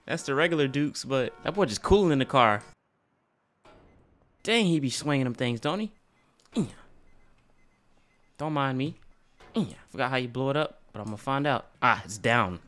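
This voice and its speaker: A man giving casual, excitable gameplay commentary as a gaming YouTuber, often breaking into loud laughter. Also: mid-range voice, moderate pace, pauses often.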